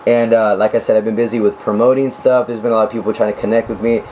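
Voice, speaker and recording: A man in his twenties, a nurse talking casually to camera with a raspy, hoarse voice, chatty and joking, with laughs between stories. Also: on the low side, little pitch movement, fast, a little mellow, slight background noise, poor audio. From United States. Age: 20s. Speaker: nurse vlogger.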